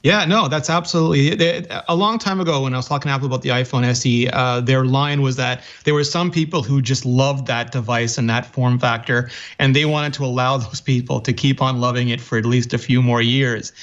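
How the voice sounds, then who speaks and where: A man's voice: mid-range voice, steady tone, fairly quick, hardly any pauses, fairly bright tone. Chatty man from Montreal on a dull line. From Montreal, Canada. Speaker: podcast panelist. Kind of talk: casual tech chat.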